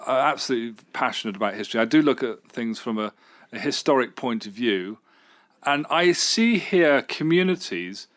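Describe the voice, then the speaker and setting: A middle-aged man with a medium-pitched voice, a radio station manager, answers interview questions enthusiastically and ramblingly, with fillers and restarts.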